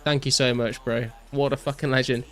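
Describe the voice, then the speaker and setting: A young British man live-streaming a game, casually chatting and excitedly thanking viewers, swearing often. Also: mid-range voice, fairly quick. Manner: excitable, swears a lot, thanks donors profusely.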